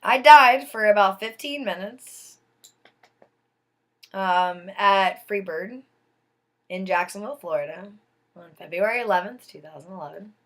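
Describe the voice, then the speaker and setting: Bright slow-talking woman telling a story. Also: mid-range voice. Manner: dramatic, slow and deliberate, drops to a hush for tense moments. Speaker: vlogger telling her own story. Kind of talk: personal storytelling, casual.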